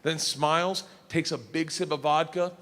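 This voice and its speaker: A male comedian telling a story on stage, loud and animated, laughing through it. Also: on the high side, moderate pace. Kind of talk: stand-up storytelling. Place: theater stage. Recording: live hall with faint crowd noise. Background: faint audience.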